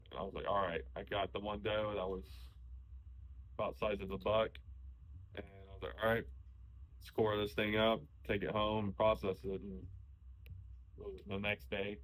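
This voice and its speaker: A man's voice: fairly low pitch, poor audio. A young man, a hunter, casually telling stories about hunting trips and chatting with his wife, with frequent restarts. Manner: relaxed storytelling, frequent restarts. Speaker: podcast host, hunter. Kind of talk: casual conversation.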